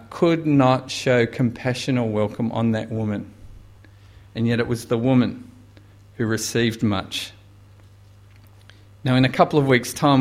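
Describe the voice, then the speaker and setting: A man preaching a sermon, retelling a gospel story and lifting his voice to quote Jesus with dramatic weight. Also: mid-range voice.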